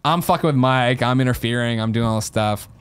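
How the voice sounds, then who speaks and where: A man's voice: mid-range voice, fairly quick, clear, resonant tone. A man in his thirties from the American Midwest, a podcast host telling a comic story with lots of laughing and swearing.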